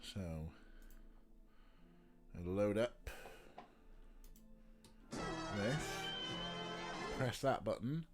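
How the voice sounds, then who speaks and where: A man's voice: lowish voice, lively intonation, very slow, long pauses, music in the background. A man with a stuffy, snotty nose, chatting casually on a live stream, teasing and cooing at his pet between remarks to his chat.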